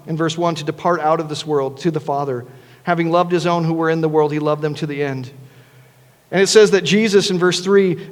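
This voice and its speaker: A man with a fairly high voice preaches as pastor, and the church sanctuary gives it a big-room sound. He speaks earnestly and conversationally, often restarting his phrasing.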